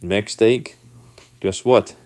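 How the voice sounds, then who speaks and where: A man whose first language is not English, telling a personal story to camera in a casual, animated way and acting out the people in it. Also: on the low side, slow, no room sound.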